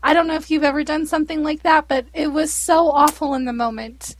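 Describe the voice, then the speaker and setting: High-voiced animated woman chatting. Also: brisk. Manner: animated storyteller, acts out quotes. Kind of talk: casual chat.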